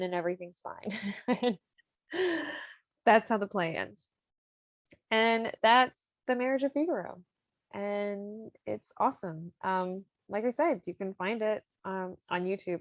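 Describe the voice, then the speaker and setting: A woman retells an opera plot on her podcast in a loose, rambling way, with lots of fillers and easy laughter. Her voice sits at an ordinary pitch. The audio is dry and a little dull. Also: no echo. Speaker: podcast host.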